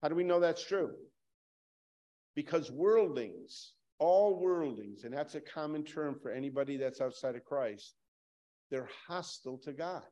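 A man preaching a sermon emphatically, repeating lines for stress and swinging from loud to hushed. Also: mid-range voice, lo-fi sound.

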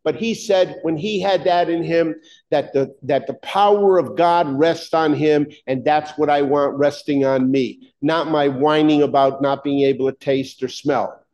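High-voiced man preaching a sermon. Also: fairly even intonation, a little slow, a little mellow, lo-fi sound. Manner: emphatic, conversational, full of rhetorical questions.

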